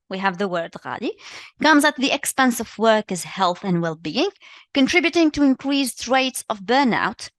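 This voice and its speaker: A woman's voice: on the high side, no echo. Tunisian lady teacher going over english exercises, lots of "very good", dry close mic. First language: Tunisian Arabic. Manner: encouraging, repeats praise and answers. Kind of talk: live online exam revision lesson.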